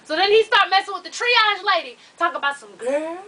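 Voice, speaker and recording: A woman vlogger telling a story to her viewers in casual, profane talk, animated and laughing as she goes. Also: very high voice, fast. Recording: distant mic with faint hiss.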